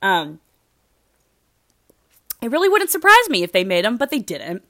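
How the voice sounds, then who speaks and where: A woman's voice: on the high side, huge pitch swings, normal speed, bright, forceful tone, dry recording, clean studio sound. A woman chatting casually as she recaps a reality show, rambling and gushing, with lots of "like" in her speech. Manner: gushing, rambling, heavy use of "like".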